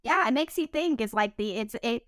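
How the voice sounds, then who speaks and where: A woman hosting a casual podcast chat, talking loosely with lots of "like" fillers and quick disclaimers. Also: a little high, expressive, a bit bright, dry recording. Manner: chatty, many "like" fillers, quick asides and self-disclaimers. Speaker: podcast host.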